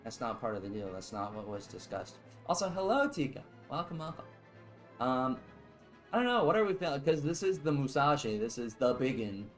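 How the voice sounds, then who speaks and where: A man's voice: mid-range voice, big pitch swings, brisk, faint music behind, poor audio. A young man streaming casual live gameplay commentary, rambling and joking as he chats with his viewers.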